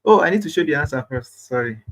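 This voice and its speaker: A man's voice: on the high side, lively intonation, fast talker, rough recording. A man hosting a live online nursing quiz, reading questions aloud, repeating phrases and chatting with viewers. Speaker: nurse quiz host.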